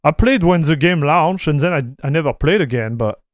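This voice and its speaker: A man, livestreaming and reacting to a video in excitable, slangy chat. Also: a little high, moderate pace, no echo. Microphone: streaming desk mic.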